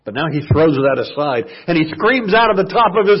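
Husky preacher swinging from hush to shouts. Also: male voice, on the high side, animated, fairly quick, few pauses, highs cut off. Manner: swings from hushed murmurs to loud shouted quotes. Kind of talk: sermon.

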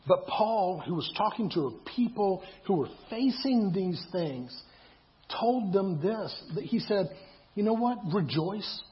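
A man's voice: high voice, expressive, a little slow. A man preaching a sermon in a conversational way, repeating himself and asking rhetorical questions. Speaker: pastor. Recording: dull lo-fi sound.

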